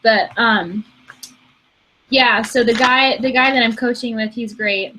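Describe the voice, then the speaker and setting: Young michigan gal, bright and a bit high, chatty and laughing a lot. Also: female voice, steady tone, a little slow, a little hiss or hum. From Michigan, USA. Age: 20s. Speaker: co-host. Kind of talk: casual chat.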